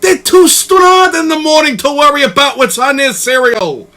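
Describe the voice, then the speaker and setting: A man rants in a high, bright voice with a sharp edge. His pitch swings widely as he piles up exasperated, profane asides, checking in with a constant "okay?". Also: expressive, normal speed. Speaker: host. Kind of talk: ranting comedic commentary.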